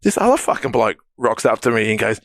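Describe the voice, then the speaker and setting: A man co-hosting a casual podcast, telling an animated story, swearing freely and mimicking voices. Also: fairly low pitch, fairly quick, dry recording, clean studio sound. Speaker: podcast co-host.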